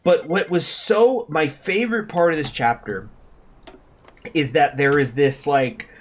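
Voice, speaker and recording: A man hosting a gaming channel, talking excitedly and rambling with many restarts while he plays a strategy game. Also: fairly high pitch, a little slow, a little hiss or hum. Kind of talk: live commentary while playing a strategy game.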